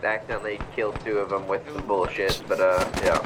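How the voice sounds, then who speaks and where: Blunt, laid-back low-voiced man. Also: level tone, quick pace. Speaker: tank crew player. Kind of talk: casual radio chatter. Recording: voice chat over noisy game audio.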